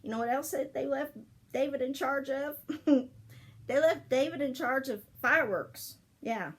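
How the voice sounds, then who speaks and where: A woman's voice: high-pitched, measured pace. An older woman telling childhood family stories in a casual, rambling way, laughing often as she remembers. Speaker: storyteller. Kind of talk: casual memorial storytelling.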